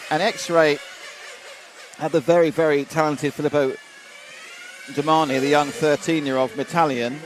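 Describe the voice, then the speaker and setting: This is a man calling a live race from the trackside. He talks in a relaxed, rambling way and mixes viewer messages into his commentary. His voice sits a little high, and engines and track ambience can be heard clearly behind him. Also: normal speed, long pauses. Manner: chatty, reads out viewer messages with asides. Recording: noisy trackside with engine sounds. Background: race car engines and ambience.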